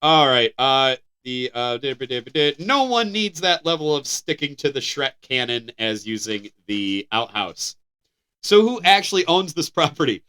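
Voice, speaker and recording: An American man co-hosting a podcast, reading news items aloud in a casual, animated way with laughs and stumbling restarts. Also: medium pitch, normal speed, smooth. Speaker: podcast co-host.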